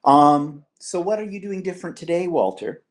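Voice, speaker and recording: A man's voice: a little high, sing-song, moderate pace, a little hiss or hum. A middle-aged Canadian man hosting a live-stream vlog, chatting and teasing in a rambling way. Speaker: vlog host.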